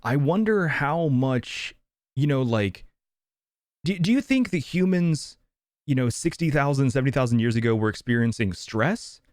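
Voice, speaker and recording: Lively-voiced man musing aloud. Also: medium pitch, moderate pace, no room sound, studio quality. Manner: thinking aloud with many restarts and fillers. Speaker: podcast co-host. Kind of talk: casual podcast chat.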